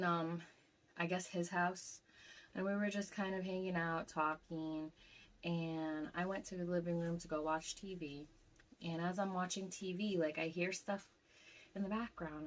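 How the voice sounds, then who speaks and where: A woman's voice: fairly low pitch, moderate pace. Rambling young woman telling a dream. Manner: rambling, filler-heavy, animated retelling. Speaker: vlogger recounting a dream. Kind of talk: casual storytelling to camera.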